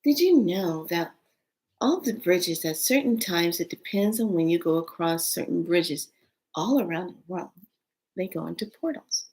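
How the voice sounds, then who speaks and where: A woman doing a hushed, charming spirit husband. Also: fairly low pitch, animated, measured pace, breathy edge, heavily acted, rough recording. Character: soft-spoken charming male spirit husband.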